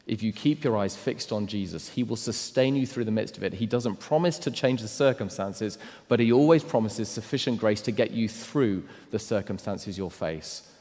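Male preacher, low voice, emphatic sermon delivery that swings between loud and hushed, long hall reverb. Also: moderate pace, few pauses.

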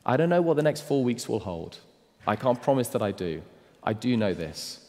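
A man preaching a sermon, moving between emphatic, raised declarations and quiet, hushed appeals. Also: mid-range voice, sing-song, moderate pace. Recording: long hall reverb.

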